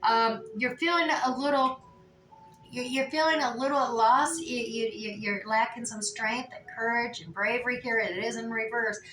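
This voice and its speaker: A woman's voice: fairly high pitch, steady tone, moderate pace, fairly bright tone, slight background noise. A woman giving a casual tarot reading, talking in a chatty way with many fillers and restarts. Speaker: tarot reader. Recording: echoey room, mic at a distance.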